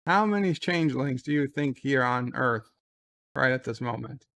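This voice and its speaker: A man's voice: mid-range voice, lively intonation, moderate pace, vocal fry, a bit bright. A man voicing a smug male shapeshifter who poses as a human and taunts his foe. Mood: taunting.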